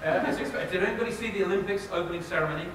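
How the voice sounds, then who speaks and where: An Englishman giving a live talk in a lecture hall, teasing the crowd and poking fun at himself. His voice sits high for a man. It reaches the mic from some way off, with heavy echo and a steady noise behind it. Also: rapid-fire. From England. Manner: joking, self-mocking, quizzes the audience. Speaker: guest speaker. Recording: very echoey hall, distant mic, noisy.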